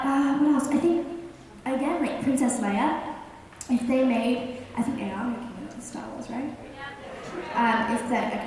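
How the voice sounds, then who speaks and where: A young woman, an actor on a fan panel, chatting in a bubbly, giggly way. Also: fairly high pitch. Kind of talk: casual panel Q&A. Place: large convention hall. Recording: echoey hall from far off, noisy.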